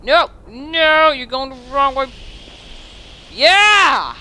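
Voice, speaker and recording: A man playing through a game on a headset mic, his voice bright and jumping all over the place. He talks slowly between outbursts, then swears and shrieks at every scare. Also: very high-pitched, a little hiss or hum. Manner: excitable, swearing, sudden yelps and shrieks. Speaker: let's play gamer. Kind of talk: gaming commentary. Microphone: gaming headset.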